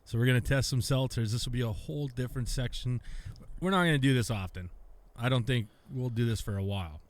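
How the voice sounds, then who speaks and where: A man's voice: mid-range voice, quick pace. Laid-back man co-hosting a beer podcast. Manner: laid-back, swears and laughs freely. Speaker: podcast co-host. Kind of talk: casual chat.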